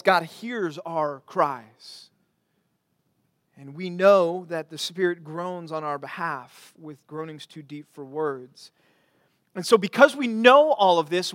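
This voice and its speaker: A man preaching a sermon as pastor, earnest, repeating phrases and swinging from quiet to emphatic. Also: sits high, no echo, clean studio sound.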